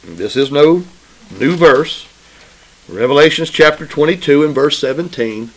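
A man's voice: on the high side, animated, unhurried, poor audio. A man preaching a sermon, emphatic and repetitive, often asking his listeners "right?" in a call-and-response way. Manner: emphatic, repeats phrases for stress.

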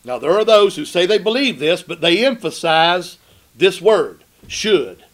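A man preaching a sermon, emphatic, asking the congregation rhetorical questions and slowing down to read scripture. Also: high-pitched, very animated, fairly bright tone.

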